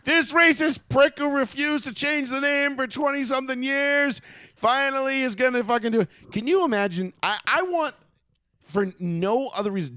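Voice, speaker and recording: A man hosting a casual sports podcast, loud with opinions and quick to swear for emphasis. His voice sits a little high, and the recording is dry with no room sound. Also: smooth, no echo. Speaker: podcast host.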